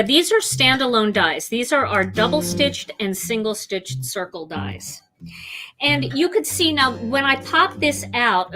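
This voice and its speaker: A woman's voice: on the high side, sharp tone. A woman hosting a live card-making demonstration, chatty and gushing with enthusiasm as she works.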